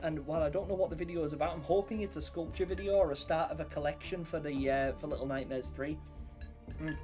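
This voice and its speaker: A man's voice: on the high side, steady tone, quick pace. A young man hosting a live stream, chatting casually and rambling as he greets viewers by name. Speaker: livestream host. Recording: faint music behind voice.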